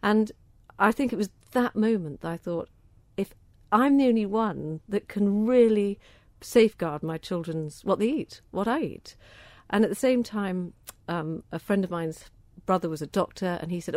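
A middle-aged woman from southern England, with the accent to match, speaks in a mid-range voice at an ordinary pace with few pauses. Her tone is slightly mellow and the recording has no echo. As an organic food campaigner being interviewed, she talks about a cause close to her heart in an eager, chatty way, often repeating words as she begins a thought.

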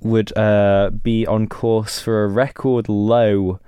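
A man's voice: lowish voice, little pitch movement, slow, dark tone, smooth, no room sound. A man as a guest on a casual political chat show, talking hesitantly with many fillers.

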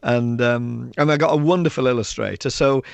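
Guy, author spinning funny school stories, gravelly voice, dry sound. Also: medium pitch, normal speed, dry recording. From South Yorkshire, England. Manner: lively raconteur, acts out children's voices, laughs often. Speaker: author and guest. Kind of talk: anecdotal storytelling in an interview.

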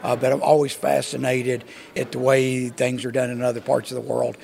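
A man's voice: mid-range voice, monotone, normal speed, vocal fry, darkish tone. A man from Oklahoma with an Oklahoma accent, a visiting farmer answering interview questions in a friendly way, with many "uh" restarts. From Oklahoma, USA.

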